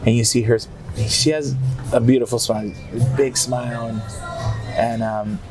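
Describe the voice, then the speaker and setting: A man's voice: medium pitch, moderate pace. A man who sings mariachi, a podcast guest, telling a story with Spanish phrases mixed in and acting out the people he quotes. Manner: animated, acts out quoted people in raised voices. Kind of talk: storytelling in an interview. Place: restaurant. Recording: clear background music.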